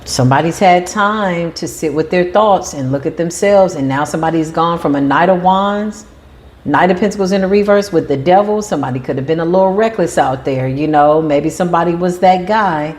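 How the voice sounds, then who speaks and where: A woman giving a tarot reading in an animated, emphatic way, sometimes acting out the voices of the people she describes. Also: on the low side, fairly quick. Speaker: tarot reader.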